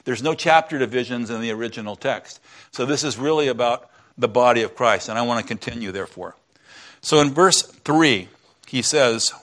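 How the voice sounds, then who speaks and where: A man's voice: medium pitch, fairly quick, fairly bright tone. A man preaching a sermon in a church, teaching in a conversational way and chatting with the congregation between points. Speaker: pastor.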